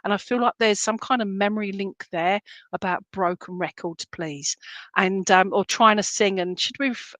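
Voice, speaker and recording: Chatty spiritualist medium, dry sound. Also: female voice, mid-range voice, a bit bright, dry recording. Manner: halting, searching, full of fillers and restarts; relays spirit messages in a chatty, jokey way. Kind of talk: clairvoyant reading in an online church service.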